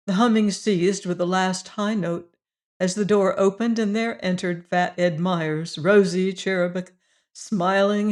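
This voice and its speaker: Audiobook narrator reading real slow, even middle voice, measured storytelling. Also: medium pitch. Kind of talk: scripted narration.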